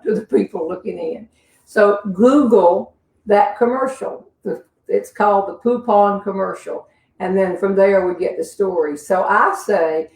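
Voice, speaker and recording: A woman's voice: medium pitch, gravelly, darkish tone, reverberant, recorded from a distance, rough recording. A woman with a Southern US accent telling comic stories in a folksy, chatty way, full of asides and little laughs. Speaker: humorist answering audience questions. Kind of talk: casual comic storytelling.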